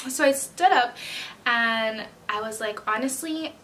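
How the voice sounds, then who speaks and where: A young woman with a slightly high voice tells a storytime straight to camera. She talks in a chatty, slangy way and acts out both sides of each exchange. There is a faint hiss of room noise behind her. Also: a little slow, sharp tone. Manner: chatty slangy storytelling, acting out quoted customers. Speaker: vlogger and retail worker. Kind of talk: casual storytime chat.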